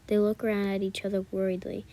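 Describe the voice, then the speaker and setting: A woman narrating a romantic fan story in a calm, soft, steady voice. Her tone is mellow and dark-edged, with very little rise and fall. She reads at an unhurried, even pace. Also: mid-range voice. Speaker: story reader. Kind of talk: reading second-person fan fiction aloud.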